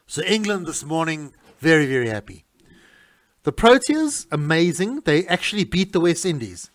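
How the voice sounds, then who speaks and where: Animated man, lively pitch. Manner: animated and indignant, many restarts. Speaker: radio host. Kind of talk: casual talk-radio monologue.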